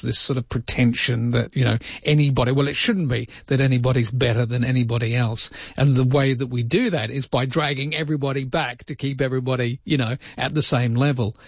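An Australian man hosting a radio talk show, chatting casually and telling lively stories. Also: mid-range voice, no echo, lo-fi sound. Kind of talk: casual talkback chat.

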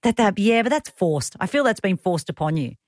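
With big pitch swings in a medium-pitched, darkish voice, a woman with an Australian accent hosts talkback radio. She's chatty and teasing, quick to crack jokes with callers and her producer during the casual chat. Her studio microphone yields clean, echo-free sound.

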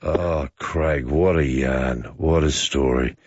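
A man's voice: rumbling low, fairly even intonation, slow pace, a little mellow, breathy edge, no echo, highs cut off. A man hosting a talkback radio show, encouraging his callers. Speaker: radio host.

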